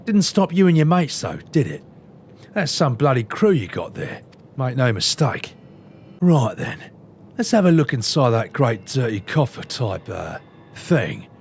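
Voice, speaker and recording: A man voicing a gruff, swaggering male sky pirate captain who swears freely and talks in rough slang, over a game's cutscenes. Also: medium pitch, very animated, unhurried, slight background noise.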